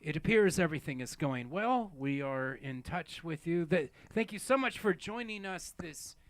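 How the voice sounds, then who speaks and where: A man hosts a comedic variety show, speaking expressively at a normal pace into a studio microphone with no echo. He rambles with lots of hesitation in a mock-solemn tone, now and then breaking into high laughing apologies.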